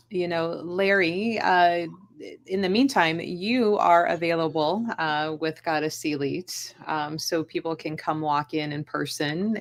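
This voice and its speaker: A woman hosting a casual livestream chat, joking with self-mocking sarcasm. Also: low-pitched. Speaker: host.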